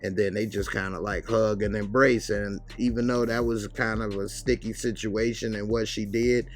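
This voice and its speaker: Speaking in a level tone on the low side, a man gives a casual recap of a TV episode. He retells the scenes in a loose, talky way and briefly performs quotes.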